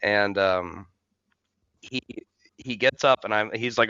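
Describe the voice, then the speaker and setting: A young man spins a rambling, profane story for his co-hosts, chuckling between lines. His voice is bright and clean, close to the mic with no room sound, though the recording is a little dull and muffled. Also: fairly low pitch, unhurried, pauses often, clear, resonant tone, no echo. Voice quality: swears freely, laughs through the telling. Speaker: podcast co-host. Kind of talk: casual storytelling.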